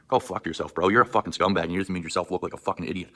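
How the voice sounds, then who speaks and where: Deep fast-ranting husky man. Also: fairly even intonation, fairly bright tone. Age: 30s. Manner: furious, profane, insulting. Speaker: livestreamer. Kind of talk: angry livestream rant.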